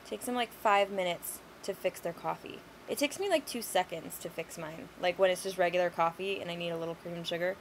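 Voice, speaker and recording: A woman's voice: lowish voice, brisk, hardly any pauses, slight background noise, poor audio. A young woman vlogging in a blunt, exasperated, sweary ranting monologue.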